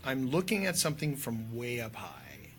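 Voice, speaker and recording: A man's voice: medium pitch, wildly swooping pitch, normal speed, a little hiss or hum. Enthusiastic man telling a story. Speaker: guest filmmaker and drone pilot. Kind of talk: casual podcast conversation.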